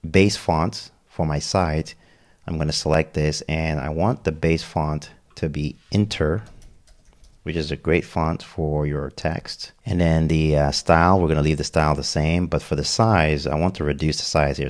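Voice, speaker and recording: A man walking through a website builder step by step in a casual screen-recorded tutorial, checking in with "okay?" as he goes. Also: extremely low pitch. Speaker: web design tutor.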